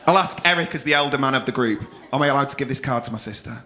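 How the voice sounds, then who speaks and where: A man's voice: medium pitch, rapid-fire, few pauses. A man compering a live comedy night, teasing the crowd with cheeky, swearing banter. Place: comedy club. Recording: live club room with crowd noise.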